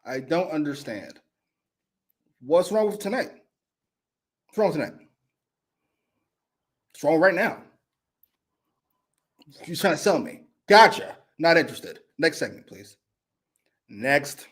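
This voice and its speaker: Brief: male co-host, profane live review rants, jumps between mutters and yelling, very animated pitch. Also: slow, pauses often, breathy edge. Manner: loud, swings from mutters to shouted rants. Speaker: wrestling show co-host.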